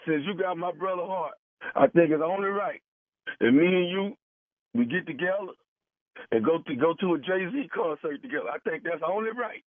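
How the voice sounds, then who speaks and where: A man's voice: on the high side, lively intonation, moderate pace, no room sound. A man making a radio prank phone call, talking in a pushy, overwrought pleading way. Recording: tinny phone line.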